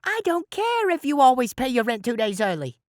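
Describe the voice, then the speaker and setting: A man voicing an angry older landlady who scolds loudly in an audiobook. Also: wildly swooping pitch, brisk, dry recording, studio quality, exaggerated voice. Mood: furious. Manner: shrill and scolding. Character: loud, furious large landlady, older woman.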